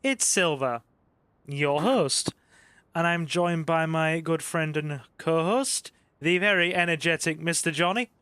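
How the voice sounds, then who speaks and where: A man's voice: a little high, a little slow, smooth, dry recording. A man hosting a gaming stream, chatting casually with his co-host and reading out viewer comments. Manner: relaxed, chatty, reads chat aloud. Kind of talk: casual let's-play chat.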